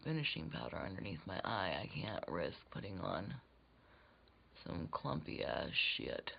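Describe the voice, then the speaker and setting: A woman's voice: a bass voice, big pitch swings, unhurried, gravelly, slightly rough. A woman rambling through a casual makeup tutorial, swearing freely and slipping into whispered asides. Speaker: beauty vlogger. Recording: dull lo-fi recording.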